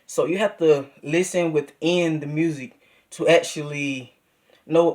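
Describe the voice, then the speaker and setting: Young male music teacher, slightly high voice, casual coaching delivery. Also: unhurried, a little mellow. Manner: coaching, repeats key points, counts beats aloud. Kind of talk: casual trumpet lesson.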